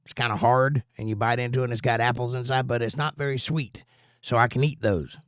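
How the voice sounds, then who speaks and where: Man hosting a chill stream, folksy and rambling, mid-pitched, dry close mic. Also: fairly even intonation, fairly quick, dry recording. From United States. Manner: rambling, folksy, reads chat aloud. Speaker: livestream host. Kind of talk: casual chat reading viewer comments.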